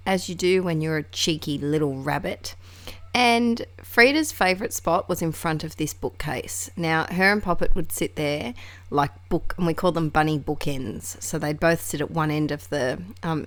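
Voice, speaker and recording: In a laid-back craft vlog, a woman talks through her scrapbooking in a rambling, chatty way, laughing and tossing in asides. Her voice is lowish, and there's no echo.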